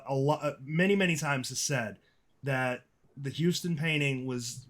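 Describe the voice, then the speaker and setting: A man hosts a casual live stream at a middle pitch. He talks in a chatty, rambling way and often restarts his sentences. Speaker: host.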